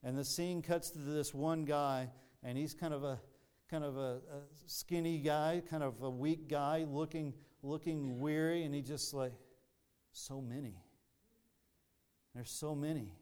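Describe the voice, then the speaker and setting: Earnest man preaching, smooth clear voice. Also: on the high side, steady tone, measured pace, darkish tone. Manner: earnest, repeats words and restarts often. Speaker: pastor. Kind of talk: sermon.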